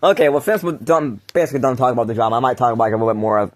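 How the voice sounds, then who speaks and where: A man hosts a loose, casual podcast and talks in a rambling way. He laughs often and keeps restarting his sentences. His pitch sits in a middle range for a man. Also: rapid-fire. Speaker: podcast host. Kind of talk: casual chat.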